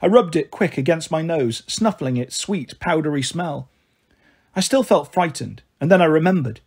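A man narrating a children's novel in a steady, gentle read-aloud style. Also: on the high side, moderate pace, breathy edge. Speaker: storyteller.

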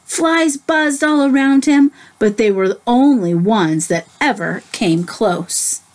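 A woman teacher reading a picture book aloud to children, gently stopping to ask them questions. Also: a little high, expressive. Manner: slow, gentle, asks the listeners questions. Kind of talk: children's story read-aloud.

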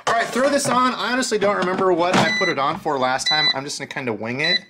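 A man's voice: high voice, quick pace, very noisy. A man hosting a fishing channel, narrating a casual cooking vlog in his home kitchen. He talks loosely and jokes as he cooks.

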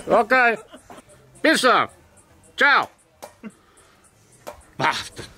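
A cranky, cursing concreting boss and father talks in a squeaky, very high voice, as a man acts him out in a comedy sketch. He grumbles in broken English and swears in almost every sentence. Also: sing-song, extremely slow, pushed and bright, slightly rough, soft background music, full character voice. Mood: grumbling. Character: grumpy foul-mouthed father, boss of a concreting crew.

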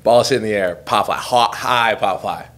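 A man's voice: on the low side, moderate pace, a bit bright. A young man in his twenties, co-hosting a podcast, telling a rambling, self-deprecating story in a casual chat and laughing through it. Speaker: podcast co-host.

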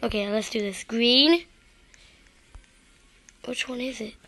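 A woman's voice: fairly high pitch, slow, pushed and bright. A woman giving rambling, self-deprecating gameplay commentary straight to her viewers. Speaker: gaming video creator.

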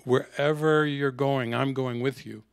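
A man's voice: medium pitch, fairly even intonation, measured pace, vocal fry, clear, resonant tone, dry recording, clean studio sound. A man doing an upset, protesting disciple. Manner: insistent, protesting.

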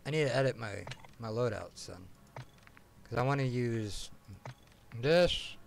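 Lively, profane young male streamer. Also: medium pitch, a little slow, gravelly, slight background noise. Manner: profane, excitable, frequent loud outbursts. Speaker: game streamer. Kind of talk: casual live-stream commentary.

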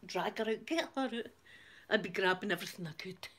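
A woman's voice: medium pitch, a little fast, a bit bright, a little hiss or hum. A middle-aged woman from Glasgow with a Glaswegian accent, chatting casually on a live stream, reading out viewer comments and laughing often between lines. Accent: Glaswegian Scottish. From Glasgow, Scotland.

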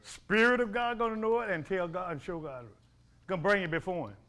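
High, lively preacher man. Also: fairly quick. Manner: emphatic, repeats and questions the reader. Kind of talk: call-and-response sermon.

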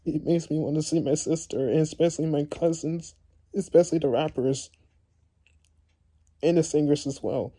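A young man vlogging to his viewers, tearful and halting, repeating words and restarting often. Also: a little high, steady tone, warm tone, breathy edge. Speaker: YouTuber. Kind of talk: emotional vlog talk to viewers.

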